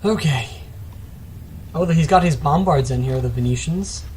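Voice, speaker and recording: A man's voice: a little high, normal speed, a little mellow, slight background noise. A man giving casual commentary on a strategy game replay, rambling and self-mocking with chatty asides, still a bit sick. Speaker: gameplay commentator.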